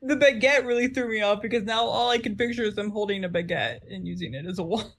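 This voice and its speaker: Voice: medium pitch, fast, hardly any pauses, fairly bright tone. A podcast co-host in casual chat who laughs easily and answers with short agreement.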